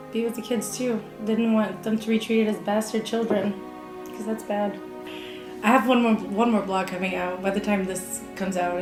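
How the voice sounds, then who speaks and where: A young woman talking casually in an interview as a live-action role-player, enthusiastic and reflective. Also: medium pitch. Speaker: LARP player. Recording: roomy echo with faint music.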